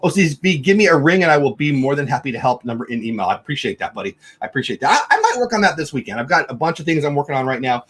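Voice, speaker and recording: A man hosting a casual livestream, greeting viewers by name in quick, upbeat shout-outs. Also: on the high side, very animated. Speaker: livestream host.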